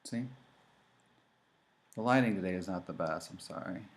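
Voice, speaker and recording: A man hosting a casual makeup tutorial, chatty and animated, talking straight to his viewers as he demonstrates. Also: sits low, moderate pace.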